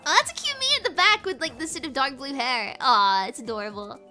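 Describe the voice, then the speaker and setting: British woman gamer streaming from home, high lively voice, giggly rambler, game music playing behind. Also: brisk. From Britain. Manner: bubbly, rambling, giggly, lots of fillers. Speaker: VTuber streamer. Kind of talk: casual livestream chat while gaming.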